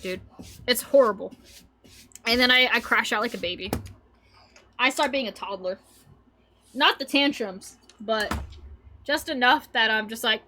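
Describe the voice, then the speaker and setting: A young woman chats loosely with her stream audience, rambling from one thought to the next and breaking into giggles. Her voice sits high and has a bright, forward edge. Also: slight background noise. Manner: rambling and giggly, chatting with viewers. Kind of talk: casual stream chat.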